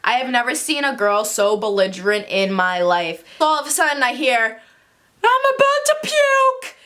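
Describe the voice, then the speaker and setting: Bright, chatty young woman telling a story. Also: mid-range voice, expressive, normal speed. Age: 20s. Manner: chatty and dramatic, acts out quotes. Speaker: vlogger. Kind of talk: casual storytime vlog.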